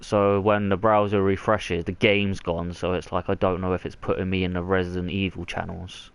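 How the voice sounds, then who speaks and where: A man's voice: deep voice, flat delivery, normal speed, few pauses, clean tone. A man streaming a video game, talking over it with crude, mocking banter. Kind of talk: profane gameplay commentary.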